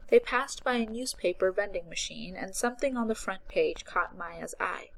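A woman narrating a story in a steady, even audiobook style. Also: mid-range voice, moderate pace, few pauses, rough recording.

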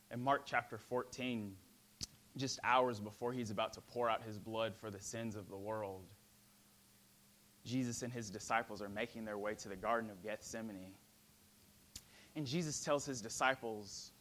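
A man preaching a sermon dramatically, swinging from ringing emphasis to a hushed near-whisper. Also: high-pitched, measured pace.

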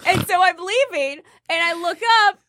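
Animated high-voiced woman telling a story. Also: moderate pace, dry recording. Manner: animated, acts out dialogue, laughs often. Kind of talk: casual storytelling chat.

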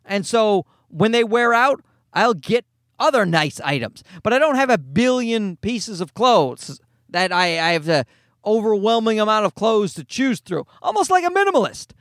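A man's voice: high voice, very animated, moderate pace, fairly bright tone, no echo, clean studio sound. A middle-aged man hosting a solo podcast from a parked car, rambling and swearing with self-mocking humor. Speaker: podcast host.

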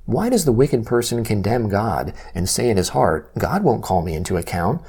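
Scripture is read aloud by a man whose warm, mellow voice sits a little low and carries a gentle husky texture. His delivery stays steady and measured.

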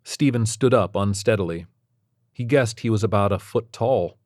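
A man reads a story aloud at a steady, measured pace. His voice is low, and the recording is dry and close with no room sound. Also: no room sound. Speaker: narrator. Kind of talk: scripted narration.

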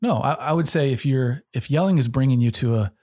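A man co-hosting a faith podcast, talking through a question about parenting in an earnest, measured way, thinking aloud with restarts. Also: mid-range voice, dark tone. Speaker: podcast co-host. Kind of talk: conversational discussion.

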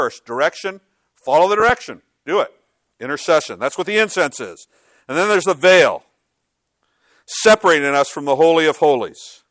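A man's voice: a little high, fairly bright tone, dry recording, studio quality. A male pastor preaching a sermon in a conversational, emphatic way, with frequent rhetorical questions.

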